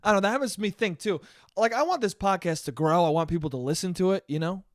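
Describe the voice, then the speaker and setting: A man's voice: high-pitched, fast, no room sound, studio quality. A young man hosting his own podcast, talking in a heated, profane and emphatic rant. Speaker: podcast host.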